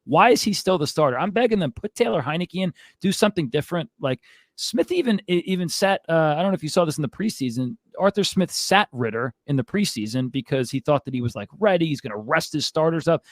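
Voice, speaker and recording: Male host, fired-up exasperated rant, higher voice, dry close sound. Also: lively intonation, quick pace, no echo. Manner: fired-up, exasperated ranting with frequent asides. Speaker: fantasy football show host. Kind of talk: heated sports rant to a co-host.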